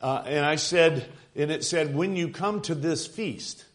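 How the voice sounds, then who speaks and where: A man's voice: fairly high pitch, unhurried. Folksy storytelling preacher, a man. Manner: storytelling, folksy asides, chuckles. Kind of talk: sermon retelling a vision.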